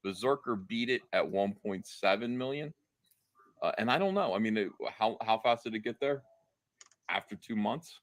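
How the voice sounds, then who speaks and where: A man's voice: on the low side, animated, normal speed, dry recording. A man hosting a casual live stream, hyping numbers and reading out donations. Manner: hyping, reads donations aloud. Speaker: stream host.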